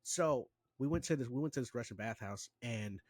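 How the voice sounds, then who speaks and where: A man co-hosting a podcast, telling a story in casual chat, animated and quick to swear. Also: medium pitch, slightly rough, no room sound, clean studio sound. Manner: animated, swears freely, slips into mocking quoted voices. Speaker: podcast co-host.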